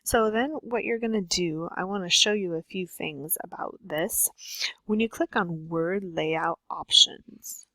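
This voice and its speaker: Bright-voiced woman teacher, step-by-step tutorial. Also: fairly low pitch, measured pace, no echo, low-quality recording. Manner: patient step-by-step instruction with frequent ums. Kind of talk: screen-share tutorial lesson.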